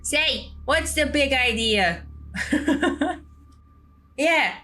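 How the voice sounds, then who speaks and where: A woman voicing grumpy bats woken up in a cave in a game, talking gruff and rude. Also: sits high, animated, extremely slow, pushed and bright, soft background music, pitched above the performer's own voice, full character voice. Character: grumpy bats roused from sleep.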